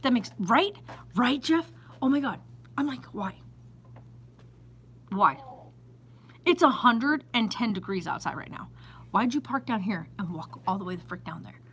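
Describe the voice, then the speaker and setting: Woman vlogger, store owner, high-ish voice, chatty and exasperated, phone-camera vlog in her shop. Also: animated, moderate pace, fairly bright tone, low-quality recording. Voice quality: chatty, exasperated, laughing and emphatic. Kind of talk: casual chat to camera. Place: indoors in her small store.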